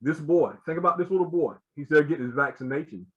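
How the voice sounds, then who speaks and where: An earnest man explains his point as a guest on a talk show. His voice sits a bit high, he circles back with repeated words and "you know", and the audio sounds dull and lo-fi. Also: fast talker. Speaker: guest speaker.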